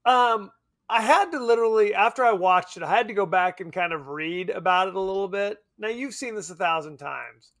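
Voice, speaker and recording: A man co-hosting a podcast in casual chat, animated, laughing often and swearing casually. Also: high voice, a little fast. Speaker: podcast co-host. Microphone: remote podcast mic.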